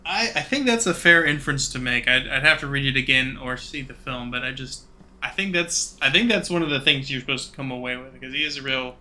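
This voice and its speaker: Bright-voiced man, measured podcast talk. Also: medium pitch. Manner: measured, hedging. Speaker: podcast co-host. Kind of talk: casual book discussion.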